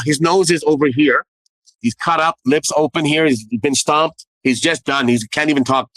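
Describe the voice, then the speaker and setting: A middle-aged man, a former nightclub doorman, casually telling a story with lively quoted dialogue and repeated phrases. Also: on the high side, normal speed, no echo, poor audio.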